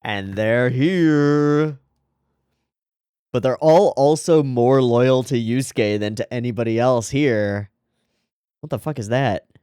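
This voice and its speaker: A man's voice: medium pitch, slow pace, long pauses, dark tone, smooth, no room sound, studio quality. A man hosting an anime reaction video. He swears freely, laughs often, and talks back at the characters on screen. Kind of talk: casual reaction commentary.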